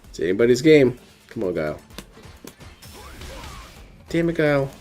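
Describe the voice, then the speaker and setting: A man's voice: medium pitch, big pitch swings, normal speed, darkish tone, faint music behind. A man hosting a stream, making mocking, dry jabs while commenting over someone else's gameplay. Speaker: host commenting on a replayed stream. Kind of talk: sarcastic live commentary.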